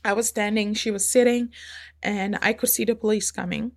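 A woman's voice: mid-range voice, steady tone, normal speed. A woman recounting a personal story in conversation, emotional and acting out the dialogue of the people involved, with frequent restarts. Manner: emotional, re-enacts dialogue with quoted voices; repeats and restarts while recounting. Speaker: interview guest.

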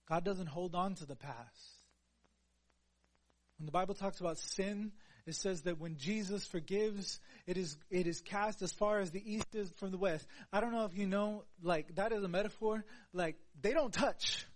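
A man preaching a sermon in an earnest voice, dropping to a hush and then rising to louder, emphatic lines. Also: high-pitched, measured pace. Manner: earnest, swings between soft hushed passages and louder emphatic ones.

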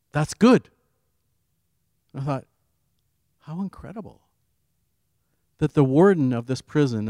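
A man giving an earnest devotional sermon, telling his own story and swinging between firm emphasis and quiet asides. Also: medium pitch, dry recording. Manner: earnest, rising on key phrases and dropping to quiet asides. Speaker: preacher. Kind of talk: devotional sermon with personal testimony.

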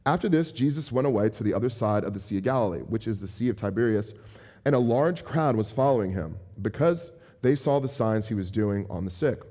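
Animated pastor, warm low voice. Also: male voice. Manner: conversational, animated with playful asides. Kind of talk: sermon.

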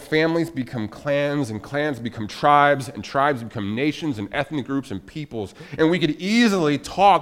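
A male pastor preaching a sermon emphatically, with repetition and rhetorical questions. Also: a little high.

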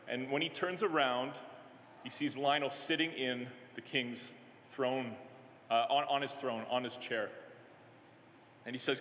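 A male minister preaching a sermon in a conversational way, halting often with fillers and restarts. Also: medium pitch, pushed and bright, slight background noise. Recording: echoey hall with long reverb.

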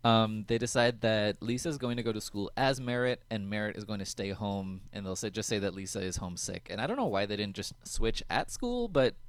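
A man's voice: fairly low pitch, lively intonation, a little fast, few pauses, no room sound. A man co-hosting a podcast, chatting casually and jokingly about an episode, laughing often and acting out quotes. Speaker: podcast co-host. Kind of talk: casual recap chat.

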